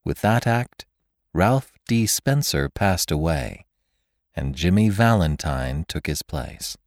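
A man with a deep, low voice narrates a classic tale in scripted audiobook style. His reading is expressive, with lively rises and falls in pitch. The sound is close and dry. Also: no echo. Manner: expressive, measured storytelling. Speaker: podcast narrator.

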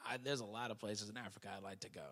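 A man's voice: on the low side, steady tone, very fast, a bit bright, long reverb tail. A man hosting a show in casual chat, blunt and profane, rambling and restarting his sentences. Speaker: podcast host.

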